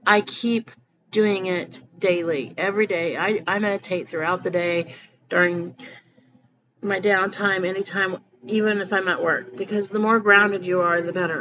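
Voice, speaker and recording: A woman talking earnestly to her viewers in a rambling personal vlog, often restarting her sentences. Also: medium pitch. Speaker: spiritual vlogger. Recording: slightly muffled with faint background noise.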